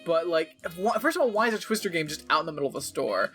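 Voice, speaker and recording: A man's voice: fairly high pitch, very animated, racing, sharp tone, soft background music. A man co-hosting a podcast, dryly recapping a movie's plot and acting out its lines in casual chat. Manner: dry, recaps plot with mock-quoted lines. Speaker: podcast co-host.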